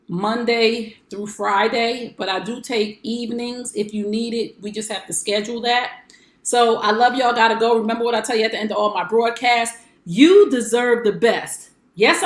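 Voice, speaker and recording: Woman, 40s, life coach hosting her show; higher voice, emphatic and preachy, roomy echo. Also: a bit bright. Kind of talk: motivational broadcast talk.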